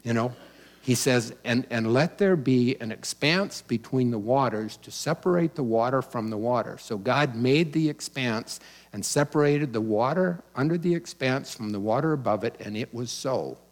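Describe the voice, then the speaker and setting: A man's voice: medium pitch, animated, normal speed. A man pastor delivering a sermon in a conversational, teaching manner, with casual asides and restarts.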